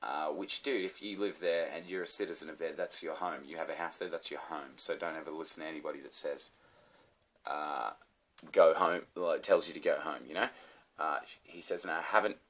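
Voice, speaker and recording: Australian male vlogger, very deep voice, loose sweary rambling rant. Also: fairly even intonation, a little fast, fairly bright tone. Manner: swearing, ranting, rambling with many fillers. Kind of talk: casual rant to camera.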